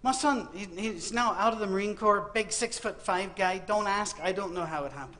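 A man's voice: sits high, normal speed, slight background noise. A middle-aged man preaching a humorous sermon, telling Bible stories with comic asides and acting out the quotes. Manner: animated storytelling with comic asides and acted-out quotes. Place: university auditorium.

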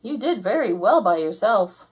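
A woman's voice: medium pitch, very animated, moderate pace, lightly acted. A woman voicing an eager, cheerful male frog who coaxes his friend outside, in a storybook read-aloud. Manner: bright, coaxing, enthusiastic.

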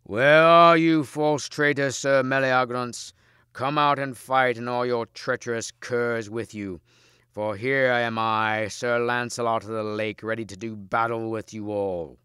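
A man voicing a bold, grim knight in a storybook reading, speaking loudly and slowly in a commanding way. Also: lowish voice, smooth, no room sound, studio quality, close to an everyday voice. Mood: defiant. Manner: loud, slow, commanding challenge. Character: bold male knight hero, grim and fierce.

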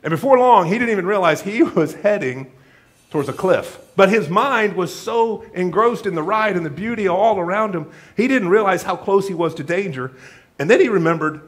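A man's voice: sits high, fairly quick. A man preaching a sermon in a church, telling a folksy joke story and acting out the voices of its characters. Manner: animated storytelling with acted-out voices; jokey, folksy. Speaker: pastor.

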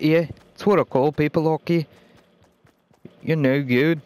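A man plays with random teammates and chats brashly over voice chat, cursing constantly and faking an exaggerated British accent, full of "mate" and "wanker." His voice is a little high, steady, and slightly mellow. He speaks unhurriedly with frequent pauses, and faint music plays behind him.

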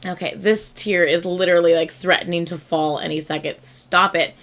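A woman's voice: on the low side, fairly even intonation, normal speed, few pauses, fairly bright tone. A woman reacting to a music video in casual, chatty commentary, gushing and swearing freely.

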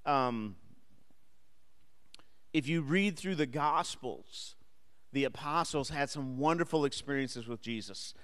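Smooth-voiced man teaching a Bible class. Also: medium pitch, slow, pauses often, a bit bright, in a large hall. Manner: engages the class with questions and light humor. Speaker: Sunday school teacher. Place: church classroom or hall.

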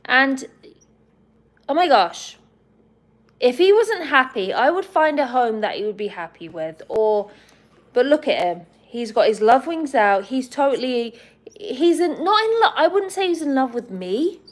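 Slow-talking chatty woman live-streaming. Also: fairly high pitch, lively intonation. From England. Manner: chatty and giggly, talking to viewers and her bird. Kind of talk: casual live-stream chat.

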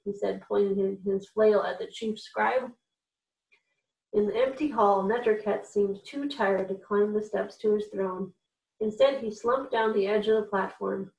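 Woman reading aloud, children's story, steady, echoey room, set back from the mic. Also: medium pitch, vocal fry, distant mic. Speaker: reader for a children's program.

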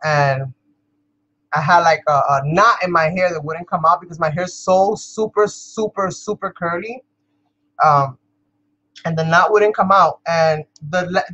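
A woman's voice: fairly low pitch, measured pace, fairly bright tone, highs cut off. Chatty New woman crafting vlogger. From New York. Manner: chatty, laughs often, talks to viewers as "you guys". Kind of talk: casual chat while crafting.

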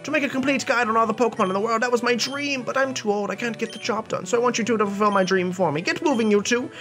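A man voicing an old, grandfatherly male professor in a video game, with a raised, reedy pitch and an earnest, quick lecturing delivery. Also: fairly bright tone, faint music behind.

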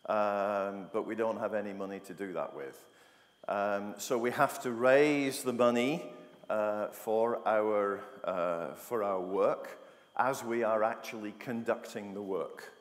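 A middle-aged man from England giving a talk to an audience, wry and jokey, often asking the room questions. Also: mid-range voice. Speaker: conference speaker. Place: university lecture hall. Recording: long reverb of a large hall.

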